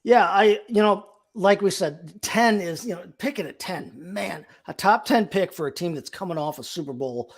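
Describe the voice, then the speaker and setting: A man's voice: high-pitched, moderate pace, hardly any pauses. Upbeat man hosting a football chat. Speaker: show host. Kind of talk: casual sports chat.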